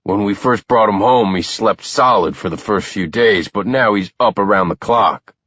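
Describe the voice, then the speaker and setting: A man's voice: lowish voice, moderate pace, fairly bright tone, breathy edge, no room sound, muffled recording. A man voicing a tired young new father who banters casually with his friend in an audiobook. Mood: easygoing. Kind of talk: audiobook character voice.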